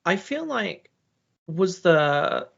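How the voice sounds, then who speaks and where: Gravelly, relaxed podcast co-host. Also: mid-range voice, extremely slow, lo-fi sound. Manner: relaxed, laughs easily, asks questions. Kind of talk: casual chat.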